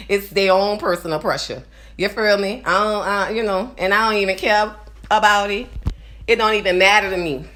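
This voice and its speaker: A woman in her forties with a nasal New Orleans accent, rambling to her viewers in a casual monologue and often checking in with "you understand?". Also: medium pitch. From New Orleans, USA. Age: 40s. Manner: rambling, repeats "you understand?", swings between loud and quiet. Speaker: vlogger.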